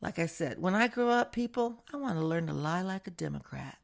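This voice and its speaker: A woman's voice: lowish voice, lively intonation, brisk, vocal fry. A woman from the United States hosting a casual political opinion monologue, chatty and sarcastic, laughing often. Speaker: political commentary host.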